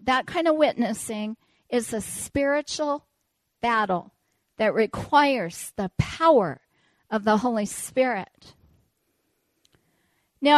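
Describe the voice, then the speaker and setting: A woman preacher telling a personal story in a sermon, animated and self-deprecating. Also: on the high side, dry recording.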